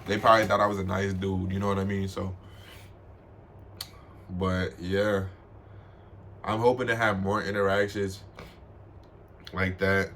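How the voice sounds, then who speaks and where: A young man from Washington, D.C., telling funny stories to the camera in a casual, slangy way, laughing often and mimicking people in high voices. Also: level tone, a little slow, long pauses, a bit bright, slight background noise. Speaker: vlogger.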